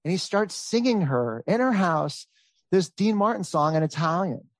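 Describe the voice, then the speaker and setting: A man in his thirties telling a long family story in casual chat, rambling and animated, with many fillers. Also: high-pitched, normal speed, dry recording. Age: 30s. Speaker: storyteller guest.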